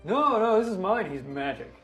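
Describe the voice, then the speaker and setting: Playful man player with a lively voice. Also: high voice, moderate pace, faint music behind. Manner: playful, giggly, rambling. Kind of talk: tabletop game banter.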